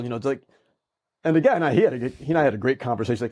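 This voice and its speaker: Guy with a warm mellow voice, chatty, acts out little quotes as he tells stories. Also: mid-range voice, fast talker. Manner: animated, acts out quoted lines. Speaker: guest speaker. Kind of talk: conversational storytelling.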